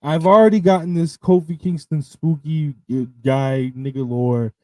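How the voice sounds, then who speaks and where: A man co-hosting a casual wrestling review show, hyped and joking, cutting in with quick reactions. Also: a little high, fairly even intonation, warm tone, no echo. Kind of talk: casual show recap chat.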